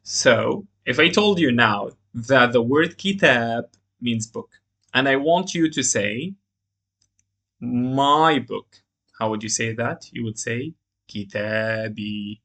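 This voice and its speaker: A man's voice: medium pitch, slow, vocal fry, a bit bright. A man teaching a beginners' language lesson, explaining grammar step by step and reading example phrases aloud. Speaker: Arabic teacher.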